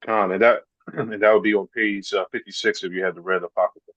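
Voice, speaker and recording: Bright-voiced man reading scripture slowly. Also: fairly low pitch, fairly even intonation, no echo, dull audio. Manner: slow, careful reading with pauses. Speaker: class member reading aloud.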